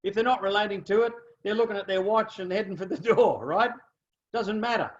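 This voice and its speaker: An Australian man coaching a team in an animated, storytelling way. He keeps asking his listeners "okay?" and "right?", and his voice sits high and moves a lot. The recording sounds dull and muffled. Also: fairly quick. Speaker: business trainer. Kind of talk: motivational training talk.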